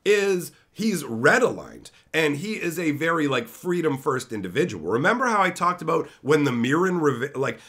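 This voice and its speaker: A man's voice: a little high, sing-song, normal speed, few pauses, a bit bright. A man hosting a fantasy lore channel, retelling a story conversationally with frequent tag questions.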